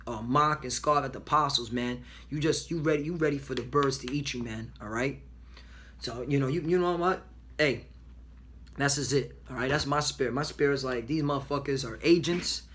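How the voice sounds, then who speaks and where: A man with a fairly high voice reads scripture verse by verse, then breaks into heated commentary. He talks in a loud, confrontational way and keeps ending his phrases with 'man' and 'all right?'. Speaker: street preacher.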